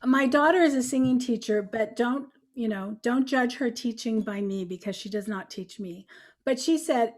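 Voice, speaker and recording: An older woman from Arizona, nervous and laughing as she chats before singing at an online open mic. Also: a little high. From Arizona, USA. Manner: nervous, laughing, talks fast. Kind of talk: casual chat and singing. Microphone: computer on a video call.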